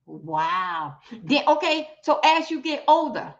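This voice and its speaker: A woman's voice: high-pitched, sing-song, takes it slowly. A woman hosting a livestream, giving blunt, profane commentary straight to her viewers. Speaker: livestream host. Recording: dull lo-fi stream audio.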